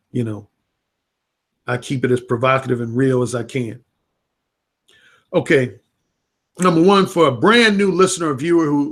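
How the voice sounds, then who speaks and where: A man, a dating coach, talking casually and frankly into a livestream webcam, with plenty of blunt, profane language. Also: on the high side. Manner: frank, unfiltered, profane talk.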